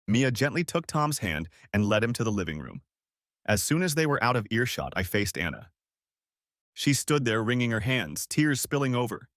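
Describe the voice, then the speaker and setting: A man narrating a first-person audio story in a measured, calm manner. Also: medium pitch, no echo, studio quality.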